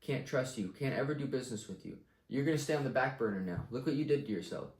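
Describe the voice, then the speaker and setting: A man's voice: mid-range voice, animated, fast talker, a little mellow. Young man, blunt, profane, confident, casual advice rant, echoey room. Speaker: vlogger giving life advice.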